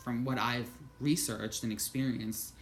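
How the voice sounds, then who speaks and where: Very low-voiced woman telling her story. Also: measured pace, soft background music. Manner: animated, swears freely, quotes thoughts aloud. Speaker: vlogger. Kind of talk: personal storytelling monologue.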